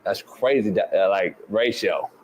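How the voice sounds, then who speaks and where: A man's voice: on the low side, animated, unhurried, a little mellow, a little hiss or hum. A man hosting a talk show, teasing his co-host in playful, profane banter.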